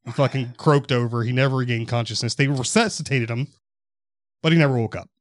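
A man's voice: medium pitch, a little fast, dry recording, studio quality. A man co-hosting a podcast, telling a news story casually with rambling, profane asides. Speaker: podcast co-host.

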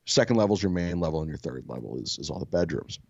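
A soft-spoken man tells a story with a lively, rising and falling delivery. His low voice sits close and dry on the mic, and the sound is a bit dull. He swears freely and laughs at himself. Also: very fast, vocal fry, no room sound. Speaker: podcast co-host. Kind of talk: casual storytelling.

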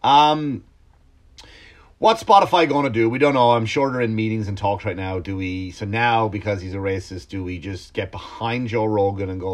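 A man's voice: on the low side, moderate pace. Rambling, swearing male comedian ranting. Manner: animated, swearing, rambling with restarts. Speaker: comedian podcaster. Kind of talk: casual ranting monologue.

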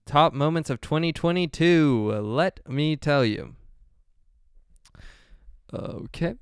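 A man's voice: fairly high pitch, expressive, slow, smooth, no room sound, studio quality. A young man hosting a solo podcast, rambling along with many fillers and frequent self-corrections. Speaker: podcast host.

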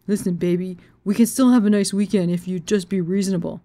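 A woman voicing her sheepish, evasive adult boyfriend, who talks haltingly with uhs. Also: high voice, steady tone, mellow, no room sound. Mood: coaxing.

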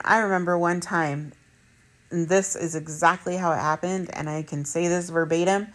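A woman in her thirties, a mother, talking bluntly to her viewers about relationships, swearing freely and repeating points for emphasis. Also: deep voice. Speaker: vlogger. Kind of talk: candid personal monologue.

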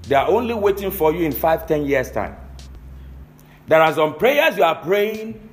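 A man's voice: a little high, big pitch swings, normal speed. A male pastor preaching a sermon, emphatic, often asking the congregation if they are listening.

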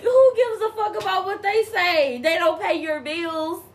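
A woman's voice: very high-pitched, steady tone, a little slow. A woman co-hosting a podcast, giving a brash, profane pep talk in casual chat. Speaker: podcast co-host.

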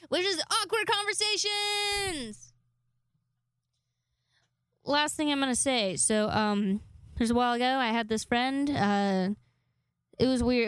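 A woman's voice: sits high, a bit bright, smooth, no room sound. A young woman hosting her own podcast alone, rambling casually with lots of swearing and self-deprecating asides. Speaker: podcast host. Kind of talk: casual solo podcast chat.

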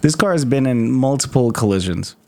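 A man's voice: mid-range voice, animated, a little fast, gravelly, warm tone. Profane, laughing young man on a podcast. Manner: profane, rambling storyteller who laughs a lot. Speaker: podcast co-host. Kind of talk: casual chat.

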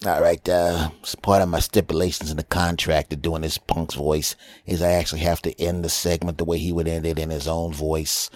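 A man voicing a gruff, rude hired male impressionist who insults the audience in a comedy podcast sketch. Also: extremely low pitch, little pitch movement, moderate pace, no room sound. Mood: grumbling. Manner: surly and dismissive.

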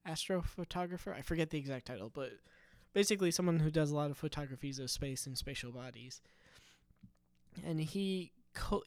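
Sitting at his home computer desk with a studio microphone, a podcast host with a fairly high, clear and resonant voice rambles through a casual solo show. He meanders off on tangents, cuts himself off, and giggles at his own stories, with no echo in the sound.

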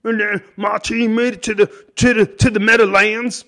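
A man doing a loud, pushy ex-jock still living in his glory days. The voice sits high and strained. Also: flat delivery, moderate pace. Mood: boasting. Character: washed-up former football player stuck on glory days.

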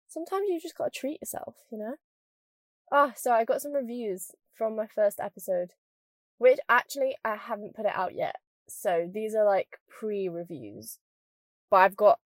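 Young woman, mild northern English accent, podcast host, fast rambling, dry recording. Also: medium pitch, no echo. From northern England. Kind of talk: casual chatty monologue.

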